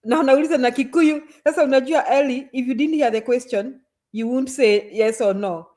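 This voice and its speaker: A woman with a Kenyan accent telling a story in casual chat, animated, switching between Swahili and English. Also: high-pitched, fairly quick.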